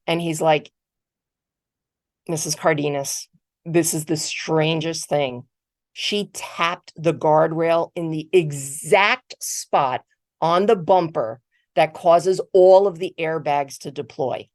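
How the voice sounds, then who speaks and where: A middle-aged woman giving a motivational keynote, telling a personal story in a conversational, animated way and often repeating words. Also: deep voice, slow, no room sound, studio quality. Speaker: keynote speaker. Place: virtual conference talk.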